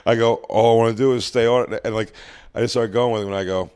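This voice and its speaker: A man's voice: medium pitch, fast talker, smooth. A man in his thirties co-hosting a chat show, telling stories and acting out the other voices. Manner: animated, acts out quoted exchanges, laughs often. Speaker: podcast co-host, comedian. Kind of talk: casual chat, storytelling.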